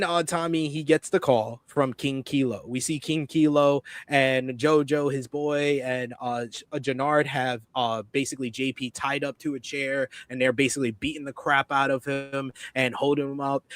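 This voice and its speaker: A man co-hosting a TV review show, recapping an episode in a casual, animated way and acting out the characters' lines. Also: on the high side, no room sound.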